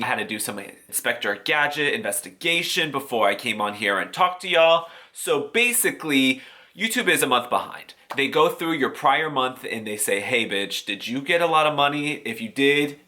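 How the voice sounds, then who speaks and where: Man, bright tense voice, sassy and profane, casual vlog chat. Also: mid-range voice. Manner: sassy, profane, animated, with put-on quoted voices. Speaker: YouTuber. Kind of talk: casual vlog explaining monetization.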